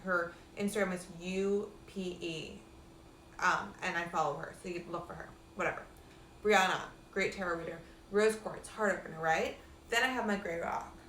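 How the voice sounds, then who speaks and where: A woman with a lowish voice gives a loose spiritual pep talk as a life coach. She rambles, swears freely, leans on "like" and calls everyone "cuties". The recording carries a roomy echo. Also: moderate pace, a bit bright, slight background noise. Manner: chatty, profane, heavy use of "like", calls listeners "cuties". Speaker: life coach and meditation guide.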